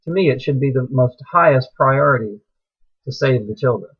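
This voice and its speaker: A husky, middle-aged man talks in a preachy monologue, his voice climbing into agitated outbursts. His pitch sits at an ordinary middle level. The recording sounds dull and lo-fi. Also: normal speed. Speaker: speaker sharing religious views. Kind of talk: impassioned personal monologue.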